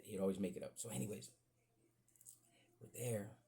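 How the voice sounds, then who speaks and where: A man's voice: lowish voice, moderate pace, creaky, mellow, breathy edge. A man casually telling rambling, profane stories on a podcast and acting out the quoted voices of his family. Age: adult with children. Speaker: podcast host. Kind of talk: casual storytelling.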